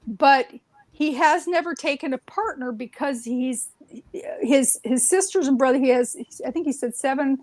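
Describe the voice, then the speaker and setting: A woman's voice: high-pitched, normal speed, a little mellow, dry recording, poor audio. A woman telling stories in a casual, rambling way, full of "um"s and restarts. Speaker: guest. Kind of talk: casual conversational storytelling.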